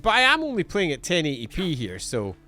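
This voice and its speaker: A man casually commentating as he plays a video game, chatty and amused and thinking out loud. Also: a little high, wildly swooping pitch, a little fast, faint music behind. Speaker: game streamer. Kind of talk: casual let's-play commentary.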